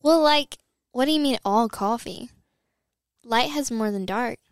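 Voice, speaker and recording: A woman co-hosting a podcast in a studio, giving wry, deadpan answers in casual chat. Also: on the high side, unhurried, smooth, no echo. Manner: wry, deadpan one-liners. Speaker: podcast co-host.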